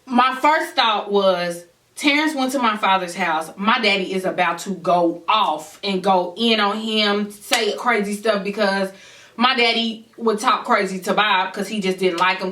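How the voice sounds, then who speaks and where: Woman vlogger, storytime chat to camera, bright tone, echoey room. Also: medium pitch, distant mic. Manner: animated storytelling, addresses viewers directly; acts out others' voices in quotes. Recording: echoey room, voice a bit off-mic.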